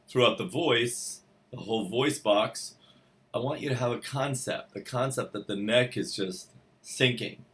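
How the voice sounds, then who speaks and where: Slow-talking bass voice teacher. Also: male voice, fairly bright tone. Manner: explains slowly, then breaks into sung vocal exercises. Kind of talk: singing lesson. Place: room.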